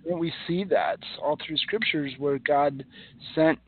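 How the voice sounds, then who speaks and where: A man in his forties hosts a faith podcast and asks earnest, searching questions, often stumbling and restarting mid-phrase. His voice sits a little higher than average. The audio is thin and phone-like. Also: unhurried. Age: 40s. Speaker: podcast host. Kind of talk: casual chat.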